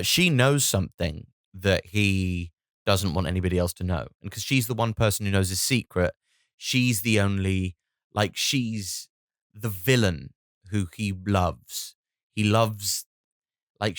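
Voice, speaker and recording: A man's voice: lowish voice, unhurried, no echo, clean studio sound. A British man, a comedian hosting a solo podcast, rambling and swearing with lots of restarts.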